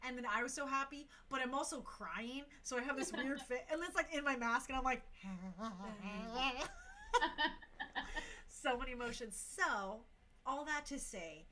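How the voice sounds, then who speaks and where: An enthusiastic young woman hosts a casual talk show and rattles through announcements. Her voice is bright and a little high, and her talk is loose and full of slang and fillers. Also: slight background noise. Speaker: talk show host for a dance crew.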